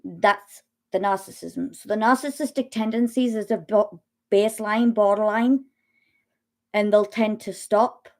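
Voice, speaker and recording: A middle-aged woman speaking slowly and haltingly about her own experience, pausing often and restarting her sentences. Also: mid-range voice, fairly even intonation. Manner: slow, halting, with long pauses and restarts. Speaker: speaker sharing personal experience. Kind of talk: personal testimony talk.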